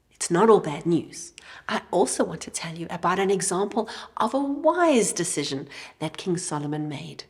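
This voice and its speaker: A woman teaching children at church, telling a Bible story expressively and dropping to a whisper for emphasis. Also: lowish voice.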